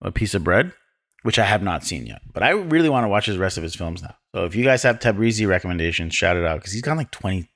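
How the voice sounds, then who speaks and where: A man co-hosting a film podcast, reading trivia from his notes with dry deadpan jokes. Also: sits low, quick pace. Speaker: podcast co-host. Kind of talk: casual film discussion.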